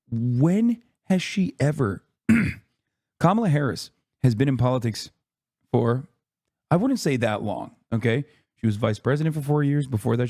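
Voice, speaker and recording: A man's voice: medium pitch, warm tone, dry recording, clean studio sound. A man in his thirties streaming from home, ranting at his chat in a profane, exasperated way and whisper-screaming to keep from waking a neighbor. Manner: profane, exasperated, talks straight to chat with repeated "okay?". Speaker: streamer reacting to a speech. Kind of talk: heated live-stream rant to chat.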